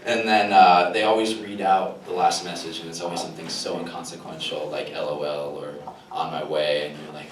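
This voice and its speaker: A man's voice: deep voice, steady tone, moderate pace. A young man performing a self-deprecating stand-up comedy set to a live crowd, often chuckling at his own jokes. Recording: roomy live recording from a distant mic with room noise.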